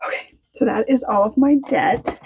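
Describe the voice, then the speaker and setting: A woman budgeting vlogger chatting casually as she counts cash, bubbly and excitable, talking to herself as she goes. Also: a little high, moderate pace, background noise. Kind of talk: casual vlog chat while counting cash.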